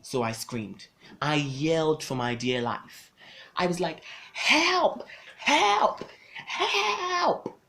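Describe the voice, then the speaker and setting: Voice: mid-range voice, a little slow. A young adult vlogger telling a personal storytime to camera, with dramatic, emphatic delivery, loose casual phrasing and lots of repetition.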